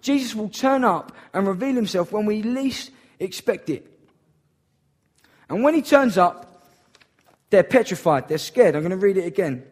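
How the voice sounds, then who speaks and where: A man's voice: high voice, lively intonation, moderate pace, pauses often. A man preaching a sermon in an earnest, emphatic way, repeating key phrases for weight.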